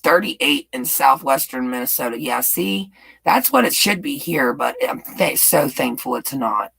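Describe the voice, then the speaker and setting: Woman, livestream host, rambling casual chat, husky voice. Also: very deep voice, expressive, measured pace, fairly bright tone, low-quality recording. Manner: rambling, chatty, reads viewer comments aloud. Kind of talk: casual live chat with viewers.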